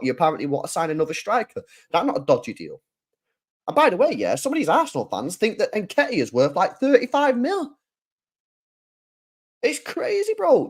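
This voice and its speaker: A man hosting a football channel, delivering a heated, sweary solo rant full of rhetorical questions. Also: sits high.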